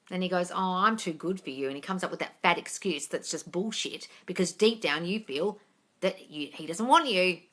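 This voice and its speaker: A woman answering viewers' questions on a live stream, blunt and sweary, scolding her viewers and swinging from low mutters to loud yelling. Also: brisk. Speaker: manifesting coach answering live chat questions. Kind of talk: blunt livestream Q&A.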